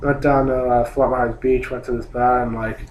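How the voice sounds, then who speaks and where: A man's voice: medium pitch, little pitch movement, moderate pace, darkish tone. A young man telling an annoyed, rambling story about a trip, swearing and saying "like" a lot. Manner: annoyed, complaining, swears, rambling with many likes. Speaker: vlogger. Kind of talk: casual ranting story. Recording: roomy echo, faint hum.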